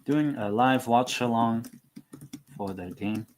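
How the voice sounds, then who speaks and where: A man's voice: mid-range voice, slow, darkish tone, slight background noise. A man hosting a live football watchalong stream, chatting casually in a rambling, profane, self-mocking way.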